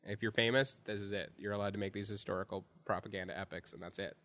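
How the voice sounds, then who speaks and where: A man's voice: fairly low pitch, fairly even intonation, fast, a bit bright. A man chatting casually as he reviews a film, rambling with lots of fillers and restarts. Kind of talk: casual chat.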